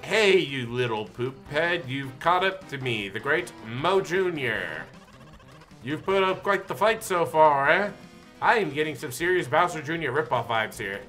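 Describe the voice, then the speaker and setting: A man's voice: fairly high pitch, expressive, a little slow, fairly bright tone, soft background music. A man voicing a smug, pompous male villain boss who taunts the hero, reading game dialogue aloud. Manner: mocking, pompous.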